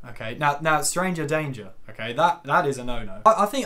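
A young man in his twenties telling a self-deprecating story for his vlog, rambling with fillers and asides. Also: fairly high pitch. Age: 20s. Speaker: YouTuber.

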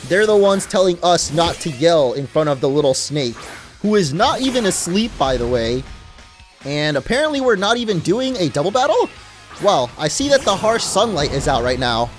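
Chatty man commenting on gameplay. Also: high voice. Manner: chatty, joking, self-deprecating. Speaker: let's play host.

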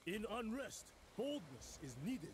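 A stern warlord giving orders. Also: male voice, sits high, sing-song, unhurried, husky, exaggerated voice. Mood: commanding. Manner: stern, terse declarations. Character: male warlord commander barking battle orders. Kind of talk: video game voice lines.

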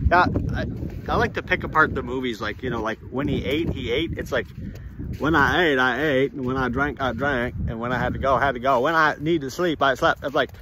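Male vlogger, walk-and-talk, meandering delivery with restarts, faint noise behind. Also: mid-range voice. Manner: halting, restarts, chuckles, addresses viewers as folks. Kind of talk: rambling walk-and-talk monologue. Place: outdoors on a walk among trees.

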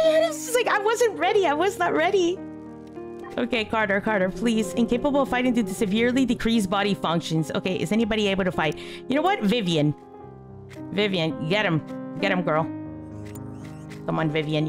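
A woman hosting a gaming channel, giving casual let's-play commentary, exasperated and swinging between high yelps and low mutters.

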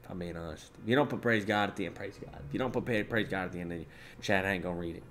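Racing through his live stream, a young man reads chat messages aloud and jokes around in a casual way. His delivery jumps from low mumbles to loud, excited bursts over slight background noise.

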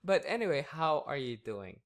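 A man working as a hypnotist, talking slowly and softly through a hypnosis induction and then chatting and laughing with his subject. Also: fairly high pitch, big pitch swings. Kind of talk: hypnosis session.

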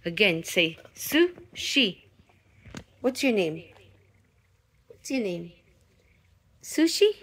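A woman at home playfully coaxing her dog to speak into a microphone, in a sing-song, drawn-out voice. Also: mid-range voice, big pitch swings, fairly bright tone, a little hiss or hum. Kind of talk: playful talk to a pet. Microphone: handheld microphone held near the dog.

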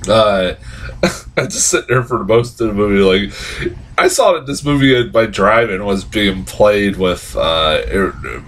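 A man giving a casual, rambling spoken film review, swearing freely and leaning on "like" as filler. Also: breathy edge. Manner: rambling, profane, heavy use of "like"; excitable, swings into high-pitched outbursts. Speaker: movie reviewer.

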